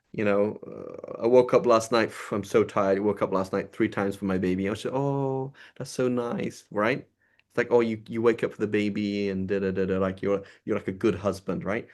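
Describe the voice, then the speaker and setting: A man's voice: lowish voice, darkish tone. A man teaching an informal sermon, conversational and loose, often checking in with "right?". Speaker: religious teacher.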